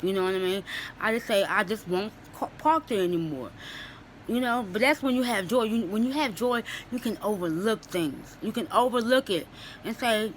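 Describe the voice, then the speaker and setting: A woman's voice: mid-range voice, fairly bright tone, a little hiss or hum, low-quality recording. A young woman and student, tearful, giving an earnest Christian encouragement and testimony in casual talk, repeating her phrases. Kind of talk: casual spoken testimony to camera.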